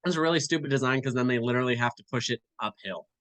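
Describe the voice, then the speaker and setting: A young man chatting as a player in a tabletop game, asking quick, casual questions. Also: medium pitch, fairly bright tone, no room sound.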